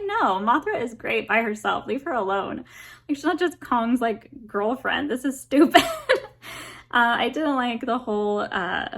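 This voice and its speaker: A woman's voice: medium pitch, fairly bright tone. A woman reviewing books and films in a casual, rambling chat, with lots of fillers, blunt opinions and frequent laughs. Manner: blunt, laughs between points. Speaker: book and film reviewer.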